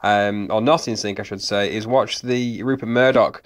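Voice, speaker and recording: A man's voice: lowish voice, steady tone, normal speed. A man giving analytical commentary over video clips, explaining steadily with frequent ums. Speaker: body language analyst.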